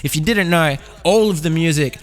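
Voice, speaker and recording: An Australian man with a fairly high voice hosts a solo podcast at a moderate pace, freestyling a rambling, profane, slang-heavy monologue that drifts between loud and soft. He's close on a studio condenser mic, with faint music in the background.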